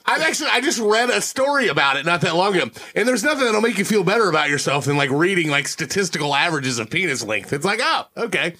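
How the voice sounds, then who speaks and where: A man's voice: sits high, sing-song, fast talker, few pauses, sharp tone. A man co-hosting a casual comedy chat, joking and rambling with restarts. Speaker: co-host.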